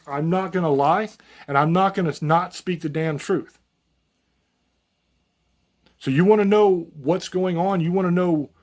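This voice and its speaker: A man talks straight to his viewers in a loose, rambling monologue, blunt and folksy and quick to swear. His voice sits a little on the high side. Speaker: channel host. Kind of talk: unscripted monologue to camera.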